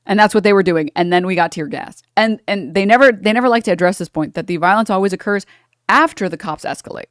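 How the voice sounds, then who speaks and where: A woman's voice: mid-range voice, dry recording, studio quality. A woman streamer giving heated, profane political commentary while reacting to a clip. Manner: heated, profane, rapid ranting.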